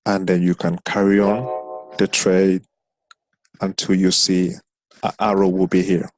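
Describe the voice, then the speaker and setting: Deep-voiced man teaching a trading lesson. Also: flat delivery, moderate pace, a little mellow. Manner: explains step by step, counting candles aloud. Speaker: trading instructor. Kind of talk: screen-share trading lesson.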